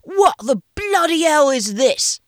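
A woman voicing a bullying male kitchen boss who puts on a bad, shouty English chef act and swears loudly. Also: sits high, sing-song, takes it slowly, no echo, studio quality, pitched above the performer's own voice, exaggerated voice. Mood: blustering rant.

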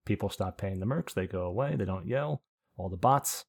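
A man's voice: low voice, lively intonation, normal speed, vocal fry. A man hosting a podcast in casual chat, telling rambling stories with swearing and laughs. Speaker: podcast host.

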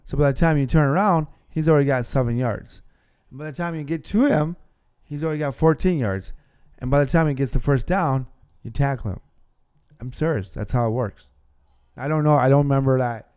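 A man's voice: medium pitch, a little fast, a little mellow, clear, resonant tone. A man hosting a casual sports podcast, explaining football plays at length. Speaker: podcast host.

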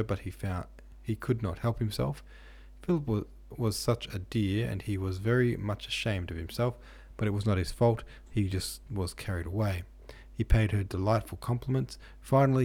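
A man reads a classic novel aloud in a low, husky voice. His tone is dark and mellow, and his reading stays steady and unhurried. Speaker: audiobook narrator.

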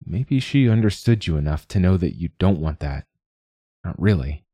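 A man voicing a tall, lonely younger man who speaks quietly and calmly. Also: low voice, moderate pace, slightly rough, no room sound, exaggerated voice. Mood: gentle. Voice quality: quiet, soft-spoken.

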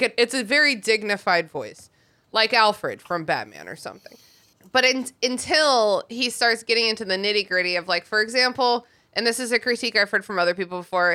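A woman co-hosting a podcast, chatting casually about a book and laughing often. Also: on the high side. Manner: giggly, chatty and animated. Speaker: podcast co-host. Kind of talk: casual book discussion chat.

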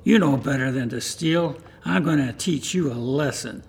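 A man voicing a scolding old woman who sells apples, indignant and sharp-tongued. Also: medium pitch, normal speed, creaky, lightly acted.

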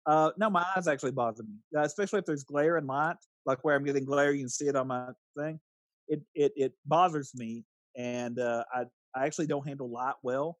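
A man's voice: medium pitch, a little fast, no room sound. A man, co-host on a podcast, stammering and joking as he chats. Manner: stammering, joking, laughs often. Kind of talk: casual chat.

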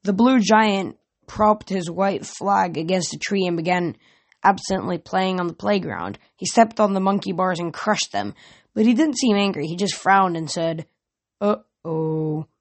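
A man's voice: high voice, lively intonation, normal speed. A young man reading a novel aloud as an amateur reader, plain delivery with small slips and restarts.

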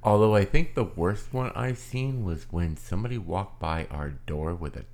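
A man co-hosting a podcast, laid-back, chiming in with short agreements and quick asides. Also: low voice, darkish tone. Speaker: podcast co-host. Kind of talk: casual chat.

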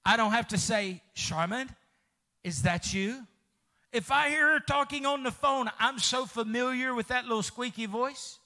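A man pastor, preaching a fervent sermon, calling out to the congregation, with sudden shouts and soft drops. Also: extremely high pitch, fairly even intonation, normal speed, hardly any pauses. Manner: calls out to congregation.

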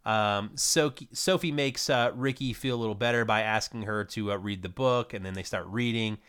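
A man co-hosting a podcast, recapping episodes in a relaxed, hesitant way with many fillers. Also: fairly low pitch, normal speed, clean tone. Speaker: podcast co-host. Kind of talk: casual recap chat.

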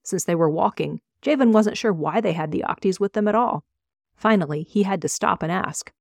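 A woman reading her own fantasy novel aloud in a measured, expressive narration. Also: medium pitch, creaky, no echo, studio quality. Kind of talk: audiobook reading.

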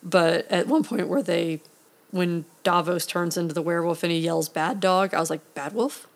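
A woman's voice: lowish voice, steady tone, normal speed, vocal fry. A woman co-hosting a casual movie review chat, rambling and playful, now and then doing silly voices for jokes. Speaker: podcast co-host reviewing a movie.

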